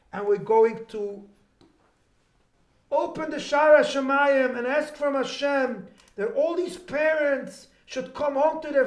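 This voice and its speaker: Fervent high-voiced man. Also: echoey room. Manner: dramatic, fervent. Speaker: event speaker. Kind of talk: impassioned storytelling and fundraising appeal. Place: live charity event.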